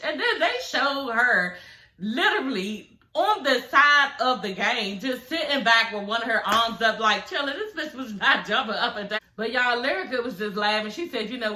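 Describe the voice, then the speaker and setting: A woman doing an animated, profane, laughing recap of a reality show in casual chat. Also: fairly high pitch, moderate pace, roomy sound, slight background noise. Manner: animated, cussing, laughing often.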